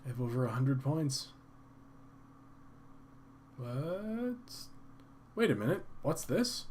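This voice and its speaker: A man hosting a gaming channel, reading the game's text aloud with playful, amused asides. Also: on the high side.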